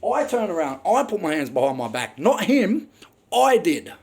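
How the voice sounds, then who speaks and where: A man's voice: sits high, sing-song, normal speed, breathy edge. A young Australian man ranting angrily with plenty of swearing as he tells a personal story in a rambling way, full of ums. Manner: angry, profane, rambling with frequent ums. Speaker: vlogger telling his own story.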